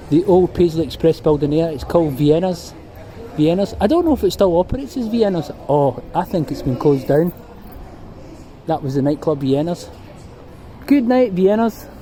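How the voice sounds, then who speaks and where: A man's voice: on the high side, rough recording. A middle-aged Scottish man with a rambling, chatty manner, reminiscing as he walks a city street and records on a handheld phone. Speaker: vlogger. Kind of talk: walking tour vlog.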